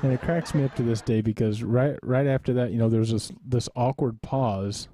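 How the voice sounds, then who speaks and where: A man's voice: medium pitch, normal speed, noisy background. A man hosting a live webcast, telling a rambling, self-deprecating story in a casual way and laughing often along the way. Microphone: desk microphone in a studio.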